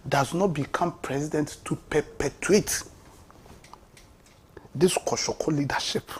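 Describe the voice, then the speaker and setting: A man's voice: mid-range voice, a little mellow, slightly rough. A man with a Ghanaian accent giving impassioned, mocking political commentary on a talk show, often repeating words for emphasis. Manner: impassioned, mocking, repeats words and laughs at his own jabs.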